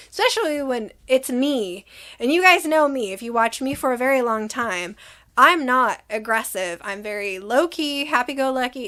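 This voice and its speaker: A woman's voice: on the high side, fairly bright tone. A young adult woman telling a storytime vlog to her viewers, retelling the argument with exasperation and quoted dialogue. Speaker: vlogger.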